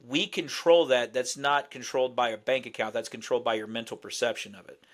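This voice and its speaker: A man's voice: mid-range voice, fairly even intonation, brisk. A man with a Texan accent, a podcast guest telling stories in an easygoing, folksy way. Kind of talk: casual podcast chat.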